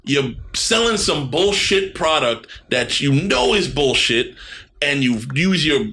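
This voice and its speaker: A man's voice: a little high, sing-song, slow, bright, forceful tone. A man in his thirties co-hosting a casual podcast, blunt and ranting, swearing freely. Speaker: podcast co-host. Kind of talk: casual profane chat.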